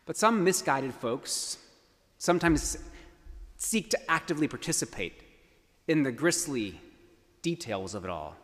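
A male preacher delivers an earnest, emphatic sermon. His pitch rises and falls freely, and a long church reverb hangs on each phrase. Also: a bit bright. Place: church sanctuary.

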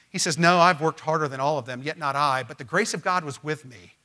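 High-voiced emphatic pastor preaching. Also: male voice, brisk, hardly any pauses. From Missouri. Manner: emphatic, swings from loud to quiet. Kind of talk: sermon. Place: church.

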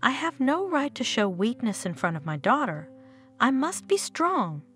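A woman's voice: fairly high pitch, very animated, unhurried, a bit bright, faint music behind. A woman voicing a loving, worried middle-aged mother in an audio story, tender and reassuring. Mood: resolute. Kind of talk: storybook narration.

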